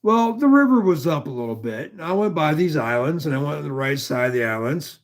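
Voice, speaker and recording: A man's voice: a little high, animated, a little fast. A man from northwestern Pennsylvania telling a long story in casual chat, rambling and profane with many asides.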